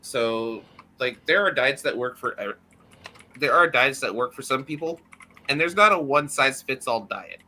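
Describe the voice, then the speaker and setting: A man's voice: medium pitch, lively intonation, moderate pace, bright, forceful tone. A man co-hosting a show, blunt and sweary in casual banter. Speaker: podcast co-host.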